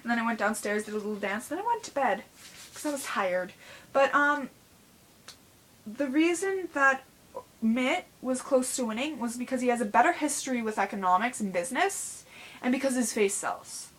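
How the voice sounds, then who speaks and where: Young woman, casual vlog, rambling, frank, fillers, slightly high voice. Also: expressive, normal speed, a bit bright, breathy edge. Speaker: vlogger.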